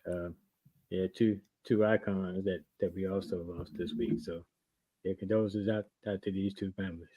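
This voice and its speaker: A man's voice: sits low, level tone, normal speed, dark tone, low-quality recording. A man co-hosting a podcast, chatting in an easygoing way with brief replies. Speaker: podcast co-host. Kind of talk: casual chat.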